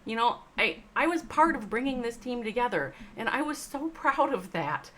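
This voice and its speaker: Woman on a livestream talking to chat, gets loud n sweary then slows way down. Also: on the high side. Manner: animated, swings between loud emphatic bursts and slow soft reflection, swears; addresses chat viewers by name. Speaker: livestream host, esports org owner. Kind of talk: emotional livestream monologue.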